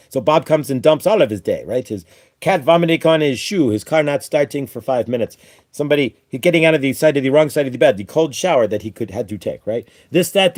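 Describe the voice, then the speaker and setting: A man's voice: on the high side, no echo, studio quality, voice pushed up, natural voice. A man channeling a male ascended master spirit, giving a spiritual teaching in a preachy manner that ends almost every point with "right?".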